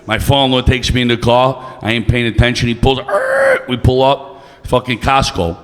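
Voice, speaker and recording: The long reverb of a club room surrounds a male stand-up comedian who is brash and profane as he teases the audience from a comedy club stage. He speaks briskly at a medium pitch with a steady tone.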